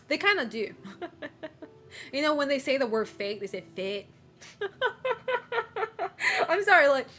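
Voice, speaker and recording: A woman's voice: medium pitch, fairly bright tone. A woman streamer chatting casually with her viewers, rambling with lots of fillers and giggling often.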